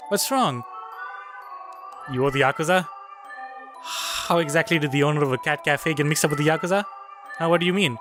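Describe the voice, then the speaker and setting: A man's voice: a little high, a little fast, pauses often, over music, natural voice. A man reading the lines of a suspended woman detective, blunt and questioning. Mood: probing.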